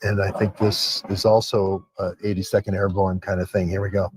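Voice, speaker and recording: A man's voice: low voice, level tone, moderate pace, a little mellow, husky, dry recording. Man rambling through video commentary. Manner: rambling, rhetorical questions. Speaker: channel host. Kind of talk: casual commentary over video clips.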